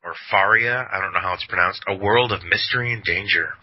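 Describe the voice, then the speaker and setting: A man's voice: sits low, fast talker, slightly rough. A man co-hosting a podcast, chatting casually and rambling, laughing often. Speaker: podcast co-host. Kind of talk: casual chat. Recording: dull lo-fi audio.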